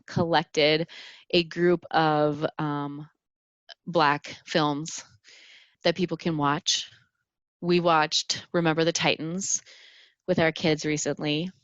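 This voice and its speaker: A woman in her thirties hosts a solo podcast in a low, grounded voice. She talks earnestly and haltingly, restarting her sentences often. The sound is dry and a little dull. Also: fairly bright tone, clean tone, no room sound. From Minnesota. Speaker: podcast host. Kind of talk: reflective solo podcast talk.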